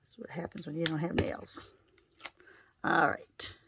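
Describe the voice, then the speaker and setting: A woman's voice: low voice, little pitch movement, measured pace, gravelly, noisy background. A woman giving a casual card-making tutorial, chatting her way through each step as she works.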